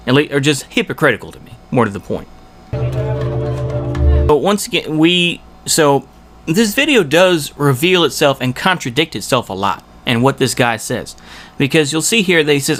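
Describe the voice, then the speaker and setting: Male reaction commentator, slightly high voice, rambling and exasperated. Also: big pitch swings, normal speed, a bit bright. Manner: rambling, exasperated, rhetorical asides. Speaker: video commentator.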